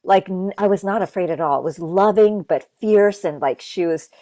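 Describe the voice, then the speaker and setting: A woman's voice: medium pitch, moderate pace, dark tone, dry recording. A woman from Japan, a guest in a casual spiritual conversation, talking earnestly and loosely with many fillers. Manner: earnest, loose, full of "like" and "you know". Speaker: interview guest.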